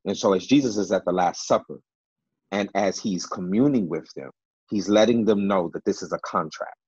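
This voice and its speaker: A man with a low, husky voice explains Bible passages in a panel discussion. He presses his points by repeating key words and fills pauses with "uh". The sound is dry and dull, like a lo-fi recording. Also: darkish tone, no echo. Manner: emphatic, repeats key words, many fillers. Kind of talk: Bible teaching in a panel talk.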